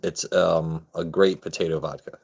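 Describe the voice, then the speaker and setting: A man with a fairly low voice hosts a casual livestream from home. He keeps it laid-back and joking, and chats with viewers by name. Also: little pitch movement, normal speed, gravelly, darkish tone, slightly rough. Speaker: livestream host. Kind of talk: casual chat with live chat viewers.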